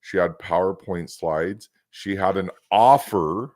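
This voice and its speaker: A man's voice: deep voice, slow pace, a little mellow, no echo, clean studio sound. A man with a West Coast American accent hosting a casual podcast, telling rambling stories full of restarts. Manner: rambling, chatty storyteller with many restarts. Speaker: host.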